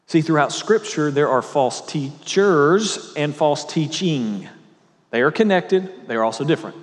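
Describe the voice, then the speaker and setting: Pastor preaching in a reverberant hall. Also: male voice, fairly high pitch. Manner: reads scripture slowly, tells stories with quoted dialogue. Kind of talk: sermon. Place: church sanctuary. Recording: long reverb in a church hall.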